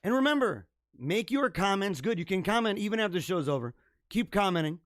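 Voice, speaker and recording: A man hosting his own livestream show, signing off in an energetic, rambling, chatty way, his voice a little hoarse. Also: sits high, fairly quick, no room sound, clean studio sound. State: slightly hoarse. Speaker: podcast host. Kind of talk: casual livestream sign-off.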